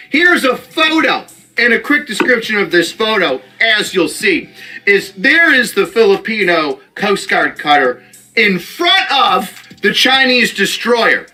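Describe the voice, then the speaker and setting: A man's voice: sits high, very animated, unhurried, pushed and bright, faint music behind. A man giving sarcastic, mock-dramatic commentary on a news story.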